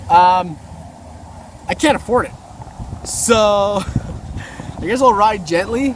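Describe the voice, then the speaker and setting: A woman on a motorcycle trip, chatting in a casual video diary, excitable and incredulous, swearing freely. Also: mid-range voice, extremely slow, background noise. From Canada. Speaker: motorcycle travel vlogger.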